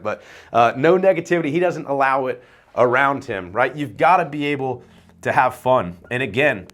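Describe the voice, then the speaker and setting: This man, an insurance agency owner, talks casually to the camera in a vlog, coaching agents in a loose, rambling style. His mid-range voice has a fairly bright tone, he swears offhandedly, and he keeps tacking "right?" onto his points.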